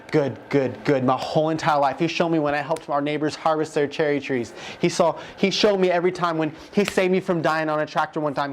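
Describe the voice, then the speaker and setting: A man in his twenties giving an emotional personal testimony, telling it in a heartfelt, animated way with many fillers. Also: high voice, slight background noise. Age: 20s. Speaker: guest telling a near-death testimony.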